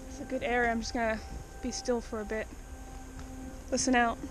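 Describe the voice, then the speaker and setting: Here a woman with a high-leaning, fairly flat voice talks quickly while exploring an overgrown cemetery in the rain. She's a cryptid-hunting vlogger, breathless from walking, chatty and full of exclamations as she addresses her audience directly. Background noise can be heard.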